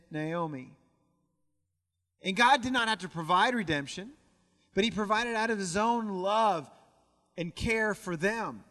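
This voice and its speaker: A young adult man preaching a sermon, earnest and building to excited asides. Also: sits high, long reverb tail. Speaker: pastor. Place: church sanctuary.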